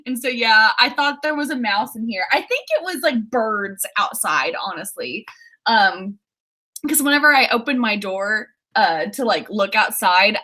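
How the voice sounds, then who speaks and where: A young woman chatting casually on a livestream from her apartment, giggling often and reading viewer comments aloud. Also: medium pitch. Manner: giggly, excitable, laughs often. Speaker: author livestreaming writing sprints.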